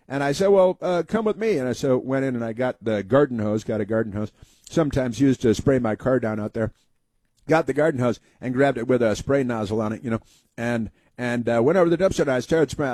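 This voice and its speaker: A man's voice: medium pitch, warm tone, no room sound. A man hosting a talk show, telling rambling folksy stories and giving opinionated commentary.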